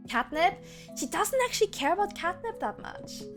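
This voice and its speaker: This young streamer has a very high, animated voice and speaks at a moderate pace. She giggles and chats casually as she plays, sometimes mixing English with German, with faint game music underneath.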